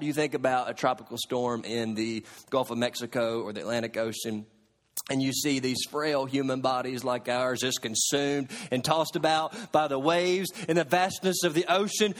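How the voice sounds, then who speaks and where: A male pastor preaching a sermon emphatically, asking sarcastic rhetorical questions and moving between hushed and shouted lines. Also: mid-range voice, fairly even intonation, moderate pace, long reverb tail.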